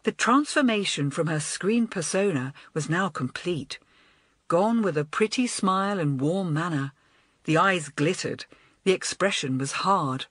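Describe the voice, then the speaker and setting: A woman narrating a children's storybook in an expressive, animated way. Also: lowish voice, measured pace, slightly rough, dry recording. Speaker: audiobook narrator.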